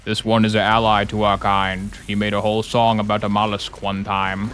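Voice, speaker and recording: A man's voice: fairly low pitch, flat delivery, moderate pace, fairly bright tone, a little hiss or hum, pitched below the performer's own voice, close to an everyday voice. A man voicing a regal king octopus who speaks in grave, formal pronouncements. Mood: solemn.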